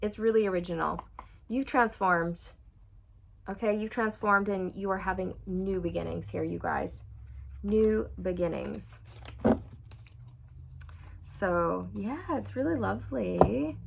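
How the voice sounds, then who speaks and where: A woman reading tarot for her viewers. She sounds excitable and encouraging, speaks straight to the viewer, and often breaks into squeals and laughter. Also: mid-range voice, slow pace, creaky, pauses often, very noisy. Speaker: tarot reader.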